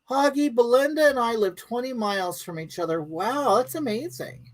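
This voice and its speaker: A woman's voice: on the high side, lively intonation, normal speed, few pauses, poor audio. A woman hosting a live stream from home, chatting casually and bluntly with viewers and reading out their comments in a rambling, crude way.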